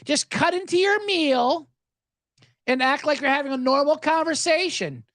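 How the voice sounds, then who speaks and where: A man's voice: extremely high pitch, moderate pace, dry recording, studio quality. A man hosting a podcast, ranting sarcastically with swearing and acted-out dialogue. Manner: animated, sarcastic, swears, acts out snippy dialogue. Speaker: podcast host. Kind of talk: comedic rant.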